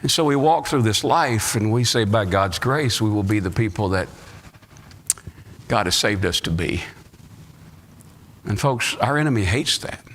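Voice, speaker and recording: An American pastor teaching Sunday school, reading old scripture and then pressing his points home. His pitch leaps and falls widely as he builds emphasis. The sound carries a long church reverb from a live recording. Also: expressive, a little slow, long pauses, fairly bright tone, a little hiss or hum. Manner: reads scripture aloud then preaches with rising emphasis. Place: church sanctuary.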